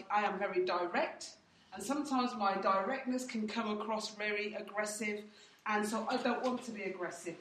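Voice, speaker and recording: A woman's voice: fairly high pitch, a bit bright. A woman leading a church training session, speaking directly and acting out what people say in her own stories. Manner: direct, anecdotal, acts out quotes. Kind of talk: teaching with personal stories. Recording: echoey room from far off.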